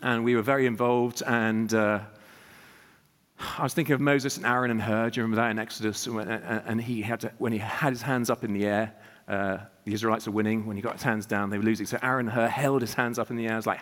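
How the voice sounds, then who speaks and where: A man preaching a sermon as a guest speaker, telling revival stories with emphatic rhetorical questions and animated delivery. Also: medium pitch, quick pace, long reverb tail.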